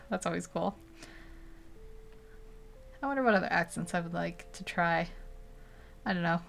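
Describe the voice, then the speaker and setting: A woman's voice: on the low side, brisk, gravelly, pauses often. A young woman casually narrating as she paints a digital portrait, chatty and rambling, laughing often between thoughts. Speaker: digital art streamer.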